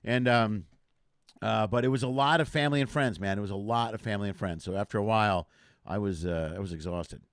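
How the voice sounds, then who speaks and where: A man's voice: on the low side, fairly quick, no echo, studio quality. A man from the area, a comedian hosting a casual live chat show and rambling jokily. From Chicago area. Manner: rambling, jokey, self-deprecating.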